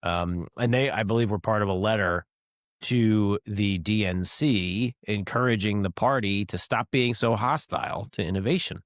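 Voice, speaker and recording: A man hosting a podcast, chatting in a relaxed way with chuckles and frequent fillers. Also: fairly low pitch, normal speed, no room sound, studio quality. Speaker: podcast host. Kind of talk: casual podcast discussion.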